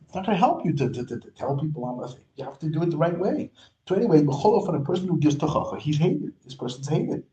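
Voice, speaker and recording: Mellow-voiced man teaching a text. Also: a little high, expressive, fast talker, reverberant, lo-fi sound. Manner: explains and restarts, mixing Hebrew terms into English. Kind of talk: textual study lesson.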